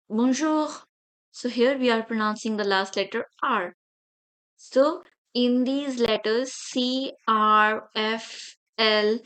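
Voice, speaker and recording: Slow-spoken woman teaching letters. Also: mid-range voice, sharp tone, poor audio. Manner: slow, deliberate letter-by-letter pronunciation. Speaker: French teacher. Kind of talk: beginner language lesson.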